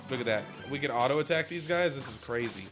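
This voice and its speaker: A man's voice: mid-range voice, expressive, quick pace, over music. A tired man streaming a game, chatting casually and jokingly as he plays and yawns. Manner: rambling, jokey, reads game lines aloud. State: tired, yawning. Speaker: gaming streamer. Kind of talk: casual let's-play commentary.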